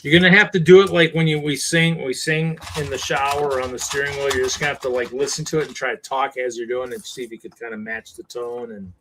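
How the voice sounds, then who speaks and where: A man co-hosting a casual livestream chat while building, talking in a rambling, animated way. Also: mid-range voice, quick pace, few pauses, background noise. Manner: rambling, animated, puts on voices.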